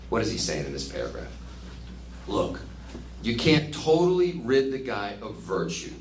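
A man leading a casual book study, chatty and animated, laughing at his own jokes. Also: lowish voice, normal speed, a little hiss or hum. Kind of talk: casual teaching commentary. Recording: roomy with faint ambience.

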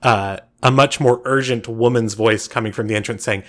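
A man narrating as game master of a tabletop game, relaxed and filling pauses with uh and um. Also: mid-range voice. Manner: relaxed, frequent uh and um fillers.

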